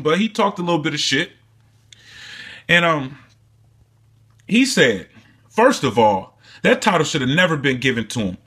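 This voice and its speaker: A husky-voiced young man rants with heated scorn, swearing through nearly every line. His tone is forceful and tense, pitched a little high for a man. It sounds like a casual, unscripted commentary vlog. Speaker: boxing commentary vlogger. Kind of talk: profane casual rant.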